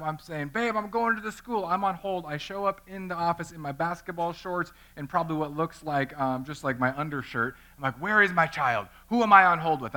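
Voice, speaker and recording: A man in his thirties, a pastor, preaching a sermon through an animated personal story and acting out the voices in it. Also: a little high.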